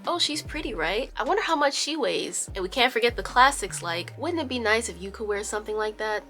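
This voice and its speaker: Woman host, casual storytime narrator, mid-pitched, blunt and sassy, light music bed. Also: a bit bright. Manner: sassy, blunt, swears freely in asides.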